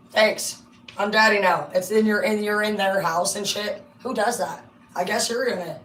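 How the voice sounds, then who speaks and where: A middle-aged woman giving a casual, rambling tarot reading on a livestream. She talks excitably and swears constantly. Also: mid-range voice. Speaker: tarot card reader. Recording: roomy sound from a distance, faint hum.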